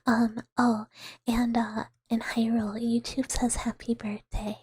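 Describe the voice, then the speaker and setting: A woman VTuber streamer chatting with viewers in a soft ASMR whisper, rambling with fillers and giggles, close to the mic. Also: a little high, level tone, unhurried, slightly rough, no echo.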